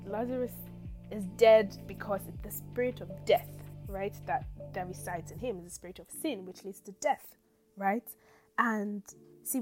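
Lively woman podcaster retelling a Bible story. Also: medium pitch, rough recording. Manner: lively storytelling, asks listeners "right?" often. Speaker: podcast host. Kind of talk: casual Bible teaching podcast.

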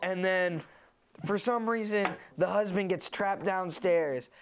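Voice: medium pitch, takes it slowly, a little hiss or hum. A young adult podcast host in casual chat, retelling a movie in a rambling way with many fillers and restarts.

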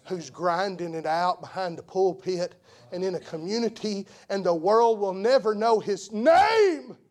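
A man preaching an impassioned sermon as an evangelist, repeating phrases for emphasis and swinging from hushed tones to shouts. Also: sits high, animated, measured pace.

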